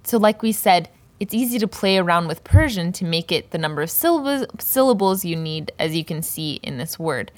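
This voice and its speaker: Woman teaching slowly in a dry booth. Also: fairly low pitch, lively intonation, dry recording. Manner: slow, careful pronunciation of example words. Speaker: Persian language teacher. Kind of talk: scripted poetry lesson.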